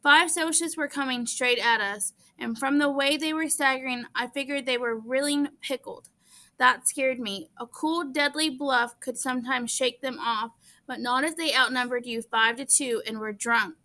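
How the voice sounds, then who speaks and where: A woman reads a novel aloud in first person, earnest and steady with the odd small stumble. Her voice is high and notably bright. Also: moderate pace. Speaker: audiobook reader.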